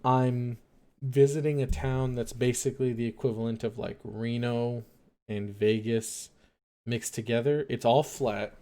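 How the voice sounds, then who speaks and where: Mellow-voiced man rambling on a stream. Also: mid-range voice. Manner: rambling, hesitant, filler-heavy, musing aloud. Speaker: late-night radio-style stream host. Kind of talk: casual rambling monologue.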